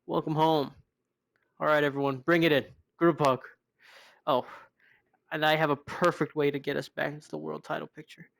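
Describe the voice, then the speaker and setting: A man's voice: a little high, level tone, normal speed, creaky, pauses often, fairly bright tone, a little hiss or hum. A man voicing a grinning male wrestling faction boss, upbeat and commanding, in a game recap.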